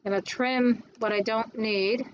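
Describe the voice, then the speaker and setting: A woman instructor giving a classroom lecture on design software, chatty and quick to answer her own questions. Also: on the high side, fairly even intonation, highs cut off, slight background noise.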